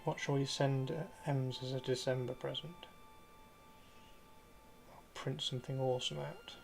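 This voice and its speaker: A man's voice: mid-range voice, flat delivery, measured pace, vocal fry, slight background noise. A man hosting a casual livestream, reading out viewer comments, playful and chatty, swearing freely and repeating himself. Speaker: livestream host.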